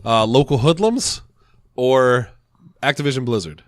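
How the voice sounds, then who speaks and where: Sick, nasal male host with a mid-pitched voice, playful and casual, dry studio mic. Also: lively intonation, a little slow, no room sound. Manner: joking, laughs through stories. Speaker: podcast host. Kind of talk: casual chat.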